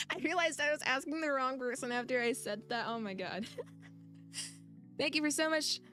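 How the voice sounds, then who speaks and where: A woman's voice: high voice, moderate pace, sharp tone. Giggly woman streamer chatting over music. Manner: giggly, rambling, chatty with viewers. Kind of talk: casual live-stream chat and game reading.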